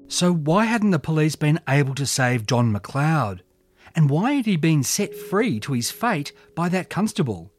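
A man's voice: on the high side, big pitch swings, measured pace. A man narrating a true crime story from history in a dramatic, scripted storytelling style. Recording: faint music underneath.

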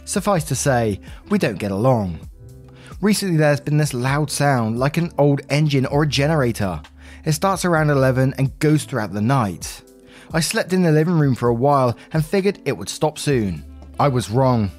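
A man talks through online stories in a casual, friendly reading voice. He sounds like a channel host chatting to regular viewers. Soft music plays faintly behind him. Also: mid-range voice, lively intonation, moderate pace.

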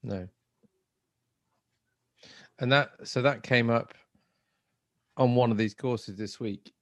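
A man's voice: medium pitch, fairly even intonation, takes it slowly, a bit bright, no room sound. A man co-hosting a podcast from home, chatting casually and playfully with many restarts. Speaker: podcast co-host and agile trainer. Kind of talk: casual chat.

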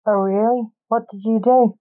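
A woman's voice: a little high, fairly even intonation, moderate pace, phone-quality sound, pitched above the performer's own voice, close to an everyday voice. A woman voicing a grumpy, pious male nurse in a read-aloud story. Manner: shouting, grumpy.

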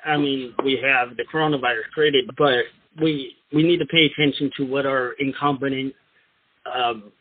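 A man's voice: mid-range voice, steady tone, dry recording, narrow, tinny audio. Guy co-hosting radio, kinda hesitant, stumbles and repeats, dry thin phone sound. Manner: hesitant, halting, repeats words. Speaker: radio co-host. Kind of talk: casual talk radio chat.

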